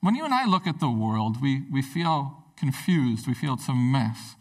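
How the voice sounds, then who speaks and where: A man's voice: mid-range voice, very animated, moderate pace, darkish tone, distant mic, rough recording. A man preaching a sermon as pastor, speaking in an earnest, conversational way with frequent restarts.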